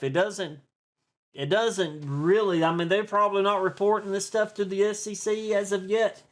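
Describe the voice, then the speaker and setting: With a high, somewhat bright voice and an East Tennessee accent, this man hosts videos about stocks and crypto. He wanders through a folksy, chatty monologue, stopping to restart and filling gaps with fillers.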